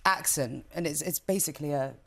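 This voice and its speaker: A woman's voice: low voice, brisk, crowd noise. A woman actor chatting as a studio guest, thoughtful, with restarts as she goes. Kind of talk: casual studio chat.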